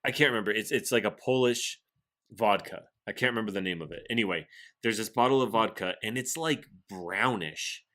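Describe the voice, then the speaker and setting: Bright-voiced rambling podcast host. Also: male voice, fairly low pitch, fairly quick. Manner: rambling, acts out quoted dialogue, swears freely. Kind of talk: casual podcast chat, storytelling.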